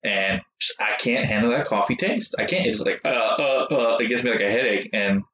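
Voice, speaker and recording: A man co-hosting a podcast in relaxed, rambling casual chat. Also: on the low side, brisk. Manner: relaxed, rambling, filler-heavy. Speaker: podcast co-host. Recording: roomy, dull recording.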